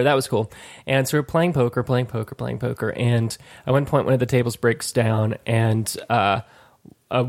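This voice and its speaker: A man in easy conversation, spinning a long, rambling anecdote. His voice sits at a middling pitch and jumps up when he acts out other people's lines. He swears casually along the way. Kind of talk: casual storytelling chat.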